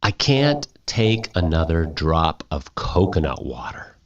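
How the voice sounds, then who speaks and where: A man voicing a dazed, worn-out shipwrecked man who speaks low and wearily. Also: very animated, normal speed, a little mellow. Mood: weary. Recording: dull lo-fi audio, distant mic.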